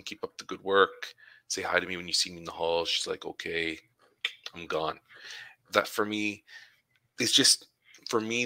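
Deep-voiced man telling classroom stories. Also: sharp tone, no room sound, poor audio. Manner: storytelling, acts out dialogue with students. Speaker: supply teacher. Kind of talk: casual conversation.

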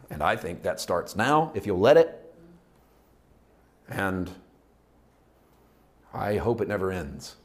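Middle-aged man, pastor, low voice, easygoing sermon delivery that rises and drops in volume. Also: sing-song, slow, long pauses. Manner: reflective, conversational preaching with swings in loudness.

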